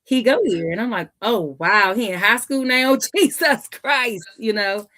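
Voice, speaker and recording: Woman, lively storyteller, medium pitch, acts out voices. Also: normal speed. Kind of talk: casual storytelling.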